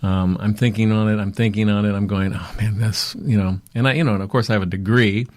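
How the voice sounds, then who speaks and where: A middle-aged man, a talent agency owner, telling his story in a rambling, animated interview way. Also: fairly low pitch, quick pace, no echo. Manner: rambling, fillers, animated retelling.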